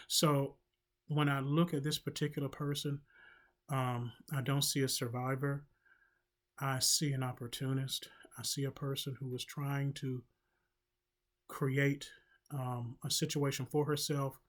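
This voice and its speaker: A man delivers a casual commentary monologue at an unhurried, deliberate pace. He fills his pauses with ums and restarts, and drops in wry joking asides along the way. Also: mid-range voice. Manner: slow, halting, with many filler ums and wry asides. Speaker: commentary channel host.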